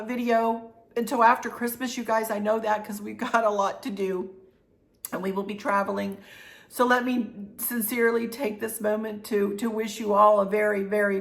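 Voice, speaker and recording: A woman's voice: mid-range voice, creaky, fairly bright tone. A middle-aged woman hosting her own vlog, talking heartfelt and rambling, with many fillers and restarts. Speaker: channel host. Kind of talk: heartfelt casual vlog chat.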